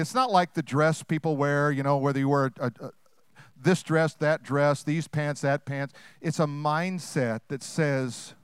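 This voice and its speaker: A man preaching with a high, smooth, resonant voice. He talks in a lively, conversational way and slips into acted-out voices. The sound is close and dry. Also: no echo. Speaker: pastor. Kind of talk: sermon.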